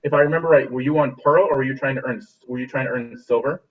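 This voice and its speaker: A husky man teaches a music class over a video call and cheers the pupils on, often restarting his sentences. He sits back from the laptop mic, and the dull, lo-fi call audio makes him sound distant. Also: mid-range voice, quick pace. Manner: encouraging, repeats and restarts phrases.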